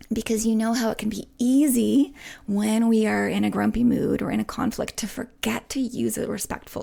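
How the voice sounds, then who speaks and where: A woman podcast host and relationship coach answering listener questions, speaking softly and reassuringly, often dropping to a whisper and checking in with "right?". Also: a little high, gravelly. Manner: soft, gentle, often drops to a whisper.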